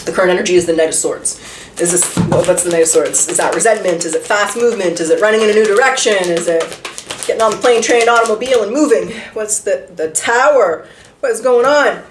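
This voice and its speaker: A woman's voice: medium pitch, fast, background noise. A woman giving a casual tarot reading, talking chattily with lots of rhetorical questions and the odd swear word. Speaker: tarot reader. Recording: roomy echo, voice a bit far from the mic.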